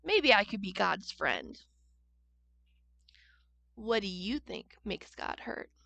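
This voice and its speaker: Slow, lively woman reading a children's story. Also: mid-range voice, creaky, no room sound. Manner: gentle and expressive, asking children questions. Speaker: church storyteller.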